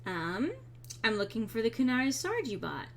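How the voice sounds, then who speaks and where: A woman's voice: on the high side, very animated, moderate pace, fairly bright tone. Woman streamer, chatty gameplay commentary, blunt and casual, light background hum. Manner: chatty, reacts and reads chat aloud, frank and swearing.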